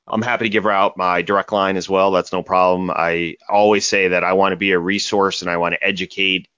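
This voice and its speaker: A man's voice: low-pitched, pushed and bright, clear, resonant tone, no echo. A man as a podcast guest, telling stories animatedly and tagging points with "right?". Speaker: cybersecurity company guest. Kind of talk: podcast interview answers. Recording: dull lo-fi dry audio.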